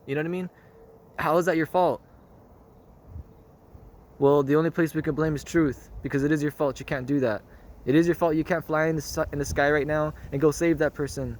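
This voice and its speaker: A man's voice: a little high, steady tone, fairly quick, pauses often, darkish tone, slight background noise. A man talking through a reflective monologue in an earnest, rambling way, often repeating himself and checking in with "you know what I mean?". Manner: earnest, circles back to one phrase. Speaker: spiritual vlogger.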